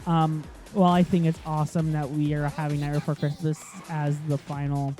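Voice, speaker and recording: A man talking through a racing game in a relaxed let's-play ramble, his voice soft and mellow. He drifts from topic to topic, stacking up ums and restarts as he goes. Faint game music sits quietly underneath. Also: a little high, fairly quick. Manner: rambling, chatty, easily sidetracked, lots of ums. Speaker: gaming channel host. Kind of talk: casual let's-play commentary.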